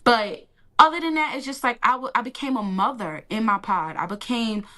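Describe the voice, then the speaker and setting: A woman giving an emotional personal testimony in an interview, animated and colloquial, acting out the lines she quotes. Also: fairly high pitch, normal speed. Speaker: interview guest.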